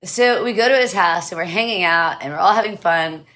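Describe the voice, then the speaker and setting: A woman's voice: on the low side, fairly quick, pushed and bright. A woman in her forties, a podcast guest, telling a story in a breathless, giggly way, often saying "like.". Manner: breathless, giggly, repeats "like" and "all of a sudden". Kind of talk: casual storytelling.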